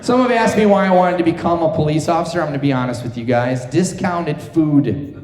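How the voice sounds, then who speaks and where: Middle-aged male stand-up with a high voice. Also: fairly quick, darkish tone. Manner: chatty self-deprecating storytelling with crowd work. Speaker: stand-up comedian. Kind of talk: stand-up comedy set. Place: theater stage before a live audience. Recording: echoey theater with long reverb.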